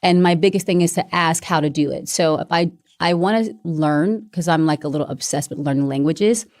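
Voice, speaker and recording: A young woman with a Southern accent talks in a relaxed, playful way, her voice sitting on the lower side. She moves quickly between topics and keeps the conversation light. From Decatur, Georgia. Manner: playful, quick to break into impressions and other languages. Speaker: guest. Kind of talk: casual chat.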